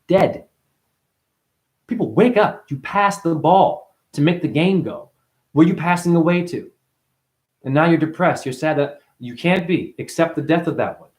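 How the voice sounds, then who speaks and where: A man giving a rambling, profane spiritual talk as a teacher, now and then breaking into sudden high yelps and exclamations. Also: a little mellow. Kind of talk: animated spiritual monologue.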